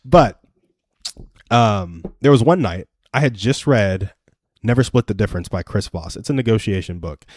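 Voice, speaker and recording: A man's voice: medium pitch, a little mellow, no room sound, studio quality. A young adult man hosting a live stream, giving earnest, self-deprecating advice through personal stories in a casual chat.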